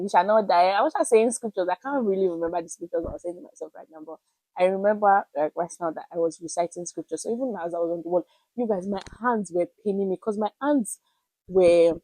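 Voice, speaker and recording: Animated young woman. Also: on the low side, dry recording, low-quality recording. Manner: animated, expressive storytelling with dramatic pauses. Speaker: vlogger. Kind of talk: casual storytelling to camera.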